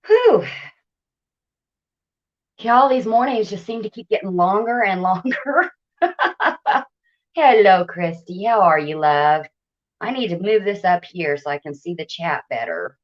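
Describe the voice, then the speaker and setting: A woman's voice: mid-range voice, lively intonation, a little slow, lo-fi sound. A woman hosting a casual live stream from home, chatting and greeting viewers by name with frequent laughter. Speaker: livestream host. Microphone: tablet.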